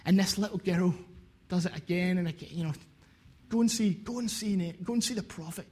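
A man's voice: high voice, fairly quick, a little mellow, husky. A man preaching a sermon, earnest and repeating phrases for emphasis.

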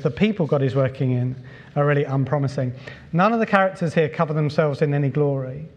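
Pastor preaching, hall reverb. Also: male voice, fairly high pitch, muffled recording. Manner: relaxed and conversational, with frequent uh fillers and repeats. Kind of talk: sermon. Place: church hall. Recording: long reverb from a large hall.

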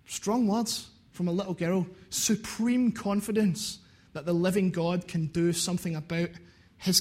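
A man's voice: sits high, a bit bright. A man preaching a sermon, earnest and repeating phrases for emphasis.

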